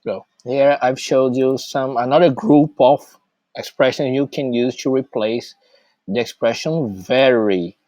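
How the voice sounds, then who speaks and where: Man teaching vocabulary slowly and deliberately. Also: mid-range voice, warm tone, no echo. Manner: speaks slowly, listing words with pauses. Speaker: English teacher. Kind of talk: slow vocabulary lesson. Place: outdoors, rain starting.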